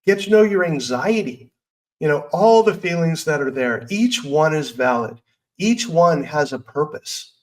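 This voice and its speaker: Middle-aged man, podcast host, somewhat high voice, earnest, candid, conversational motivational talk. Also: poor audio.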